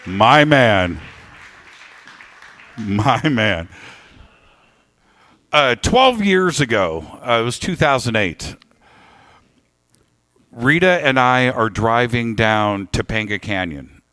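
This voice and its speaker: A man speaking live to an audience, telling a story with lively emphasis and thanking people. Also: mid-range voice, slow, long pauses. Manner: animated storytelling, warm thanks. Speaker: radio host giving a talk. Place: lecture hall with audience.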